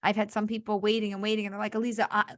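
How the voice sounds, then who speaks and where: A woman's voice: mid-range voice, racing, dry recording, studio quality. A woman matchmaker and dating coach giving advice in an online workshop, telling stories and acting out her clients. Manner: animated storyteller who acts out clients' voices.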